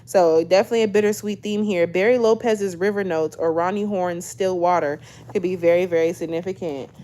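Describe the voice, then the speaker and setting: A woman's voice: lowish voice, fairly even intonation, fairly quick, mellow. A woman doing a casual tarot reading to camera, chatty, often tagging lines with "okay?" and addressing viewers as "y'all". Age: 20s. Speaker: tarot reader.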